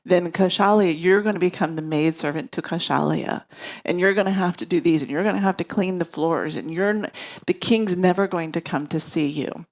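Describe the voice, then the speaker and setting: A woman's voice: fairly low pitch, brisk, a little mellow, lightly acted. A woman voicing a petty, scheming maidservant who whispers doubts into a queen's ear.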